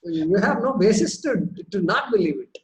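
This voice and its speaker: A man, teaching a spiritual class in a relaxed back-and-forth with students. He talks in a lively way, asks one rhetorical question after another and often repeats words as he builds his point. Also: high voice, normal speed, rough recording. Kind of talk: question-and-answer teaching session.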